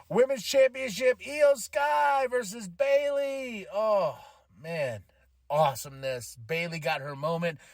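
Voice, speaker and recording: A man hosting a podcast, giving an excited, emotional casual recap of a wrestling show. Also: fairly high pitch, no room sound. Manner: excited, emotional, animated retelling with laughs. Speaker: podcast host.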